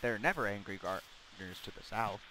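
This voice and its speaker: A young man chats through a game, his voice pitched low but bouncing wildly up and down as he jokes. The call is full of steady background noise. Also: brisk. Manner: jokey, playful, prone to silly outbursts. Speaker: gaming channel host. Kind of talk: casual gameplay chat. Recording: noisy voice chat.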